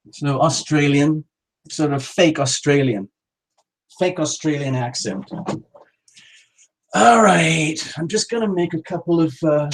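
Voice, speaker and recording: A man's voice: mid-range voice, breathy edge. A middle-aged man hosting a live tarot stream, rambling and joking as he calls out viewers by name. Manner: jokey, rambling, talks straight to viewers by name.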